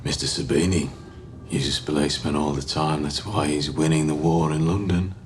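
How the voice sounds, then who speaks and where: An actor playing a cold, calculating Birmingham gang boss in a crime drama, with a Birmingham accent, speaking quietly and in a clipped, controlled way. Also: male voice, rumbling low, moderate pace. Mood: cold calm. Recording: steady background noise.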